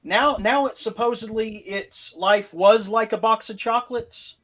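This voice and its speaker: Podcast co-host, male, fairly high voice, rambling and wry, trips over his words. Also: fairly even intonation, unhurried, a bit bright. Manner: rambling, stumbles and restarts, wry. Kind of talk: casual chat.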